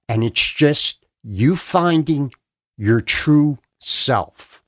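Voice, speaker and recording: A man from Philadelphia talks slowly and deliberately as a podcast guest. He is earnest and heartfelt, and he leans hard on his main points. His voice sits at an ordinary middle pitch. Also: expressive. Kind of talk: casual interview chat. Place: podcast studio.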